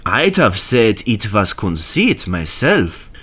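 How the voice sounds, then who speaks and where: Man doing a calm old engine, dry teasing, slow and sing-songy. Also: lowish voice, breathy edge, full character voice. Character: wise, dry-witted old male mountain engine.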